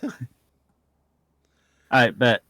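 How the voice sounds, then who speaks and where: A man's voice: very slow, a bit bright, no echo. A man co-hosting a casual recap chat, joking and laughing often, with lots of fillers. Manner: jokey, laughs often, hesitant with many fillers. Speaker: podcast co-host.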